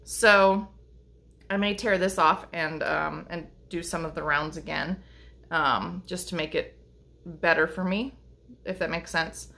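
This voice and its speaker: A woman's voice: on the low side, steady tone, a little slow, creaky, sharp tone. A middle-aged woman chatting casually to camera about her lace-making, rambling with lots of ums and restarts. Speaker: lace-making vlogger and teacher. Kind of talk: casual chat showing crafts to camera.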